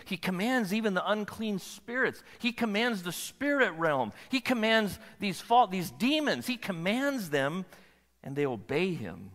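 A man preaching a sermon as a pastor, animated and often checking in with the audience. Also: mid-range voice, in a large hall. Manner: animated, asks the audience questions.

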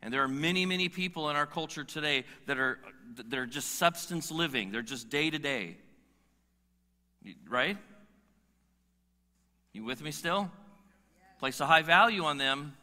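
A man's voice: fairly high pitch, measured pace, long pauses, pushed and bright. A man preaching a sermon as pastor, emphatic, firing rhetorical questions and stretching out key words. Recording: long reverb of a large hall.

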